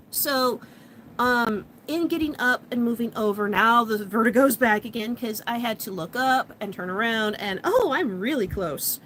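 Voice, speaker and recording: A woman with a slightly high voice tells a story in a casual vlog, chatty and animated, sprinkling in fillers and laughs. A faint hiss sits behind her voice. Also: a little slow, low-quality recording. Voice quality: chatty, animated retelling with frequent likes and laughs. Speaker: vlogger.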